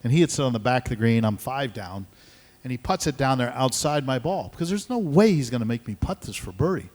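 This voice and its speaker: An older man and pro golfer telling an animated story on stage at a conference, acting out the dialogue. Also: medium pitch, fairly quick. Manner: animated, acts out dialogue in voices. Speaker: guest speaker, pro golfer. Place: event hall at a conference. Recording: reverberant hall.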